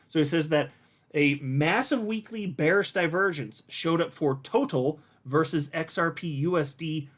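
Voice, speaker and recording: An excitable man with a somewhat high voice hosts his own crypto channel. He talks to his viewers in a loose, emphatic way, often cutting himself off mid-sentence and starting over. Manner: excitable, emphatic, self-interrupting with frequent restarts. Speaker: crypto YouTube channel host. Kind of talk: casual commentary to camera.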